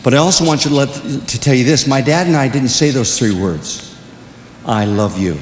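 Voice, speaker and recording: An older man telling comic stories to young people, swinging between loud punchlines and hushed, earnest moments. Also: expressive, a little fast. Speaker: speaker at a youth conference. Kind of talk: comedic storytelling. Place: large hall. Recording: echoey hall with faint rumble.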